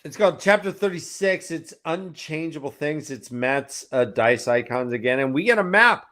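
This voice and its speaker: A man's voice: a little high, lively intonation, moderate pace, pushed and bright. A man co-hosting a casual book discussion, recapping a chapter in a rambling way with many fillers. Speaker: podcast co-host summarizing chapters.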